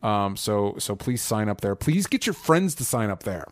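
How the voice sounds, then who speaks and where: Chatty young man, lowish voice. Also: very animated, moderate pace, dry recording. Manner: enthusiastic, plugging, chatty. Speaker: podcast co-host. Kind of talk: casual chat.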